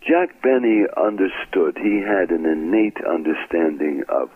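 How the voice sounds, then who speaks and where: A man's voice: low voice, animated, unhurried, slightly rough, dry recording. An older man from Brooklyn, an actor telling stories in an interview, acting out the voices of people he quotes. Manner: anecdotal, acts out quoted voices. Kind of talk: storytelling interview. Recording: tinny phone-like line.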